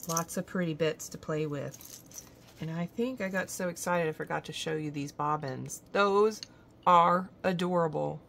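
A woman's voice: low-pitched, normal speed, gravelly, a little hiss or hum. A woman hosting a craft vlog, gushing with admiration as she shows off handmade gifts indoors. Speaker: craft channel host. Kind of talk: show-and-tell unboxing vlog.

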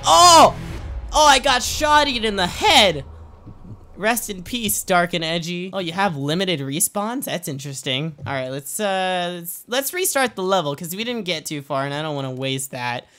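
A gaming YouTuber in his late teens delivers jokey, rambling let's-play commentary in a high-pitched, expressive, somewhat bright voice. He talks at normal speed with few pauses, often gasping and laughing as he plays.

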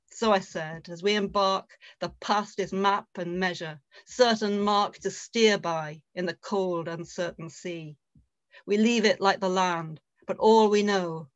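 A woman's voice: mid-range voice, no room sound. A woman reading her poems and acting out old local dialect at a fishing-poetry gathering. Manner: slow lilting recital in broad dialect. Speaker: poet reading at a festival. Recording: dull muffled sound, dry.

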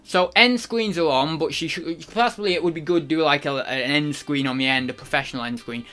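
A man's voice: on the high side, a little fast, bright, forceful tone. A man giving a casual, rambling channel review, full of fillers. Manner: rambling, chatty, many fillers. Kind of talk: casual vlog commentary.

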